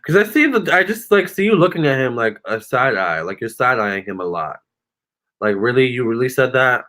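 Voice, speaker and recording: A man's voice: medium pitch, lively intonation, normal speed, sharp tone. A man doing a tarot reading on a live stream, answering viewer comments in a chatty, sassy way and calling them honey and girl. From Virginia. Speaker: tarot reader.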